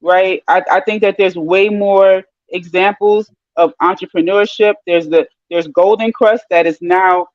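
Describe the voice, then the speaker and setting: A man's voice: sits high, fairly even intonation, unhurried, few pauses, no echo. A man challenging a guest in a heated debate, pressing him with questions. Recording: dry, dull lo-fi sound.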